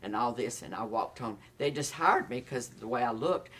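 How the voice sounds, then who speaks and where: A man in his sixties with a Southern accent, an actor telling stories in a casual interview, animated and quick to laugh. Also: mid-range voice, distant mic. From Tennessee. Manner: animated storyteller, acts out quotes, laughs often. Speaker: actor guest.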